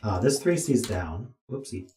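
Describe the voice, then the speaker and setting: A man's voice: fairly low pitch, measured pace, dark tone, slight background noise. A tired man streaming himself as he thinks aloud through a puzzle, muttering to himself with dry asides. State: tired, yawning. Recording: roomy echo.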